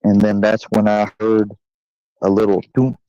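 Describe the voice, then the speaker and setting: This young man, a channel host, delivers a long story full of profanity, fillers and acted quotes in a loose, rambling way. His low-side voice is completely flat and dark-toned at a measured pace, recorded at home dry and slightly dull with no room sound.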